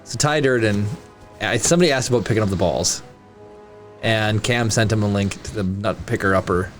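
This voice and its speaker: A man's voice: fairly low pitch, fairly quick, faint music behind. A man, co-hosting a podcast in casual chat, rambling through stories in an easygoing way. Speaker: podcast co-host.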